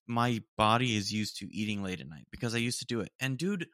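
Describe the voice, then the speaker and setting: A man's voice: lowish voice, fairly quick, fairly bright tone, dry recording, clean studio sound. A young man hosting a podcast alone, rambling casually and saying "dude" a lot. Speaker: podcast host. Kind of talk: casual solo chat. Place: home room.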